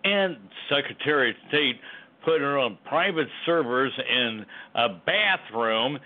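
A man's voice: mid-range voice, animated, a little slow. A man calling in to a talk show, ranting about politics in a heated, stumbling way and repeating himself. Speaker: caller. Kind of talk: heated political call-in rant. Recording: tinny phone line.

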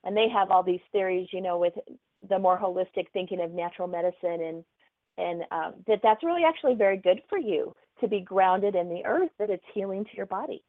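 A woman's voice: medium pitch, lively intonation, fairly quick, no room sound. A middle-aged woman from Oklahoma with a light Southern accent, a guest author chatting casually in an interview and laughing easily. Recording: tinny phone-like remote call line.

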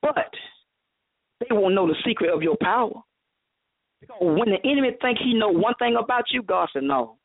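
A man's voice: high voice, moderate pace, pauses often, slightly rough. A man preaching a fervent, rhythmic sermon over a call-in radio line, acting out God's words as dialogue. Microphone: phone call. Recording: tinny phone line.

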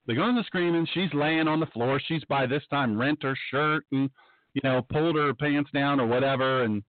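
A man hosting a radio show and preaching in an excitable, animated monologue, sometimes mocking others in a high voice. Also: normal speed, no room sound. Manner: excitable, breaks into mocking high-pitched impressions. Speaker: radio show host and pastor. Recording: tinny phone-line sound.

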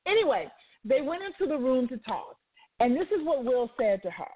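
A woman hosts a motivational talk radio show, retelling a story with asides and turning it into a faith-based lesson. Her high-sitting voice is sing-song and moves at normal speed, heard over a tinny, phone-like line.

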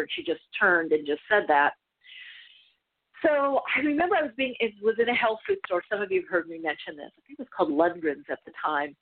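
A woman spiritual teacher telling a story in a casual, rambling way, full of asides and restarts. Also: medium pitch. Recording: tinny phone-like line.

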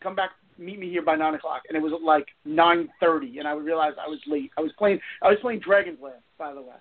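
High-voiced fast-talking man telling stories. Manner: rambling, laughing storyteller. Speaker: guest. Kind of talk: casual podcast storytelling. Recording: phone-like lo-fi audio.

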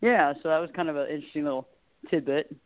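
A woman's voice: low voice, quick pace, dry recording. A middle-aged woman with a light Southern drawl talks in a chatty, rambling way, laughing easily as a guest. Her voice comes through a tinny phone line. The sound is dry, with no room around it. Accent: Southern US, light Texas drawl. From Southern United States. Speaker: guest, talk show host and life coach. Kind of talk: casual interview chat.

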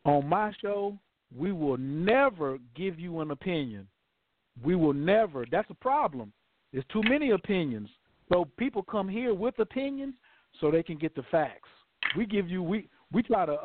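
A man hosting a call-in show, talking in a loose, slangy, playful way. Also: a little high. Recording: tinny phone line with faint hiss.

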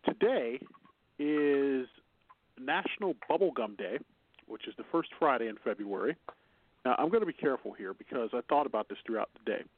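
A man's voice: mid-range voice, animated, moderate pace, slight background noise. A man from Chicago with a Chicago accent, hosting a radio show in casual banter, rambling and laughing often. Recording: phone-line internet radio.

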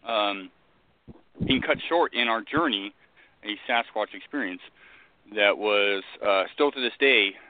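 A low-voiced man co-hosts a casual radio show, eager and full of fillers as he restarts his sentences. The sound is thin and phone-like. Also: measured pace, long pauses, no echo. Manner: enthusiastic, many fillers and restarts. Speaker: co-host.

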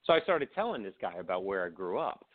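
Man, Baltimore accent, low voice, animated storytelling, tinny phone-like sound. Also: quick pace. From Baltimore area, Maryland. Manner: animated anecdotes, acts out quoted voices, frequent restarts. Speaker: guest, author and production company CEO. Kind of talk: casual interview storytelling.

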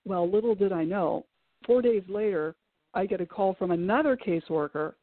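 A woman's voice: mid-range voice, moderate pace, no echo. Middle-aged woman on a tinny call. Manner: animated, many fillers and restarts. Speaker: author guest. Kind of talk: emotional personal storytelling. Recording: tinny call-like audio, dry.

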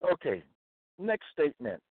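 A man teaching from scripture in a slow, deliberate way, repeating phrases and checking in with "okay?" and "all right?". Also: a little high, very animated, no echo. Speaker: self-styled Bible teacher. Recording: tinny phone-like dry sound.

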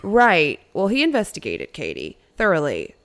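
Podcast co-host, woman, lowish voice, lively storyteller who laughs a lot. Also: moderate pace. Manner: animated, laughing often, playful asides. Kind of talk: casual storytelling chat.

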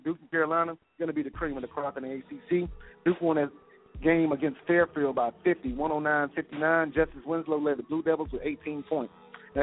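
A man hosting a sports segment on a radio show, reeling off scores quickly and dropping "man" between items. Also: fairly high pitch. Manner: rapid score rundown, peppered with "man". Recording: tinny phone-line sound with faint music.

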